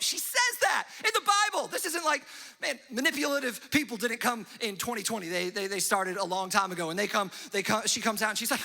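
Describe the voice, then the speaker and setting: A man's voice: high voice, lively intonation, vocal fry, sharp tone, big-room sound. A young man preaching a sermon as a pastor, telling a story and briefly acting out its characters. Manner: storytelling with quick acted-out voices and asides. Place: church hall.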